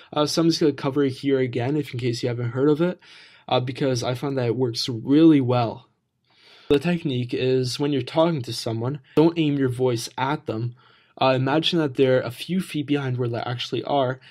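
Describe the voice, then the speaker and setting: Relaxed man giving voice tips. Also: mid-range voice. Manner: relaxed, plain, with frequent uh fillers. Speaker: voice and social skills coach. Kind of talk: casual tutorial talk to camera.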